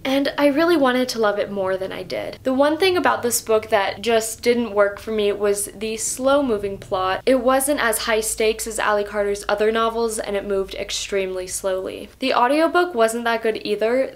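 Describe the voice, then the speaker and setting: A young woman chatting in a casual book review vlog, gushing and emphatic about what she loved and blunt about what she didn't. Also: mid-range voice. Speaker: book vlogger.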